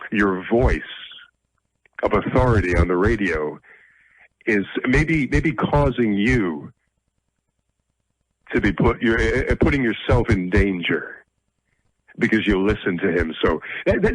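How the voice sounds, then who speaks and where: A man's voice: fairly low pitch, breathy edge, no echo, rough recording. A middle-aged man hosting a radio talk show, speaking bluntly and combatively, with a self-deprecating edge.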